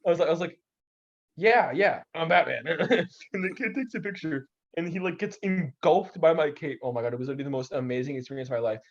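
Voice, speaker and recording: In a casual podcast, a young man with a fairly high voice speaks briskly, full of energy as he recounts stories and acts out quoted voices. The audio has a slightly dull lo-fi quality.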